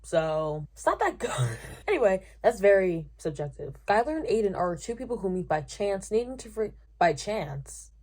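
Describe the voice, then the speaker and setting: A young woman in a casual book-review vlog, reading reviews aloud and answering them with sarcastic, animated reactions. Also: mid-range voice, normal speed. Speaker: booktuber reviewing romance novels.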